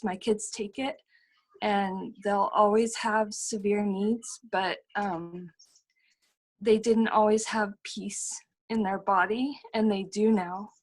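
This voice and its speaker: A middle-aged woman sharing a personal testimony over a video call, earnest and full of fillers and repeated phrases. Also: medium pitch. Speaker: testimonial speaker.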